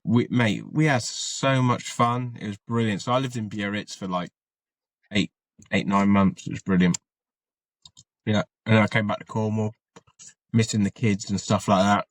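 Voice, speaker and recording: A man, an army veteran and podcast guest, telling his story in a rambling, casual way and swearing freely. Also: lowish voice.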